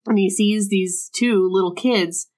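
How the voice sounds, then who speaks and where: A woman's voice: medium pitch, fairly even intonation, measured pace, darkish tone. A woman co-hosting a podcast who recaps a book's plot in chatty, playful asides. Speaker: podcast co-host. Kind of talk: casual book discussion.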